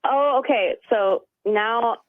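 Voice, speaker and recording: A woman's voice: a little high, slow pace, dry recording. A woman wrestling coach calling in to a radio interview, upbeat and earnest, with many "you know" fillers. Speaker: wrestling coach, phone-in guest. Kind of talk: phone interview. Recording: tinny phone line.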